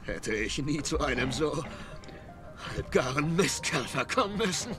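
A man's voice: fairly high pitch, sing-song, moderate pace, music in the background. An actor dubbing a guilt-ridden young male soldier in an anime, strained and emotional. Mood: anguished.

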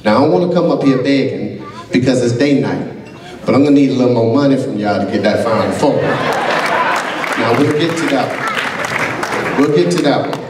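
A man, a college basketball coach, giving a keynote speech at a gala, telling animated stories and acting out the dialogue. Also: medium pitch, moderate pace, long pauses, crowd noise, noisy background. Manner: animated storyteller who acts out quoted dialogue. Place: large gala banquet hall. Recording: echoey hall picked up from a distance.

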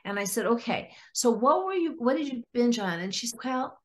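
A woman psychologist, a podcast guest, telling client stories and acting out their words in lively quoted voices. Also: on the high side, normal speed, a little hiss or hum. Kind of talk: storytelling in a podcast interview.

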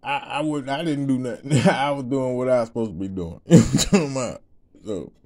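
A man speaks casually to a crowd of listeners, telling a personal testimony. His voice is mellow and relaxed, and he breaks into laughter often. He rambles in slang and keeps asking "you know what I'm saying". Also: medium pitch, a little fast. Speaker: ministry speaker.

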